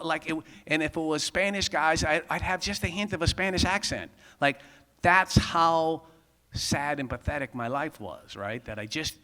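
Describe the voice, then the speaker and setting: A man's voice: mid-range voice, long reverb tail. Candid man giving testimony. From Massachusetts. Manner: candid, conversational, lots of "right?" asides. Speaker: speaker at a men's conference. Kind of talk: personal testimony talk.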